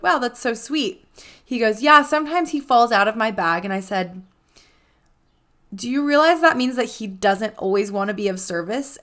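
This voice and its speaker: A young adult woman with a medium-pitched voice shares a personal story on her podcast. Casual and animated, she acts out the dialogue of the people involved and uses "like" constantly.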